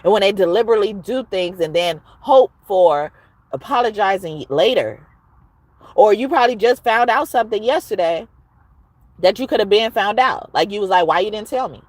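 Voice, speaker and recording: A woman giving a casual, expressive tarot reading, at times reciting rhymes. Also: medium pitch, no room sound. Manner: expressive, chatty, rhyming recital. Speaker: tarot reader.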